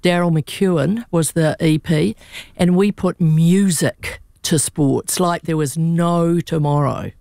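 A woman's voice: deep voice, takes it slowly, vocal fry, warm tone, no echo, studio quality. A woman, a radio panelist chatting animatedly and laughing as she tells stories.

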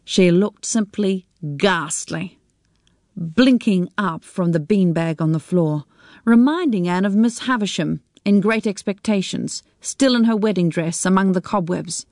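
A woman reading a novel aloud on the radio in a measured storytelling manner. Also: lowish voice, a little mellow, dry recording, studio quality. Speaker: narrator.

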